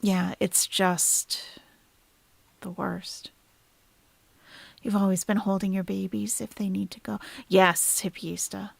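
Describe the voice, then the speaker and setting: A woman with a fry-edged voice talks loosely to her livestream audience, shifting between soft-spoken comments and blunt, profane remarks. She sounds close to a desk mic in a dry, deadened room. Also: mid-range voice, flat delivery, measured pace, hardly any pauses, no room sound. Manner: chatty, swings from soft sympathy to blunt profane ranting. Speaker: reaction livestream host.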